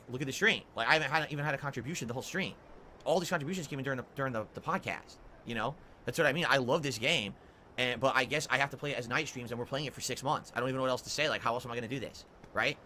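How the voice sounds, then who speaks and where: A man's voice: medium pitch, bright, forceful tone. A man livestreaming casually, rambling and complaining, with faint background noise.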